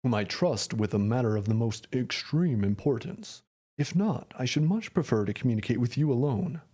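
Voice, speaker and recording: A man reading aloud, voicing a huge, grave foreign nobleman in a lowered, weighty voice. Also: expressive, dark tone, husky. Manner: deep, slow and weighty, lowered voice.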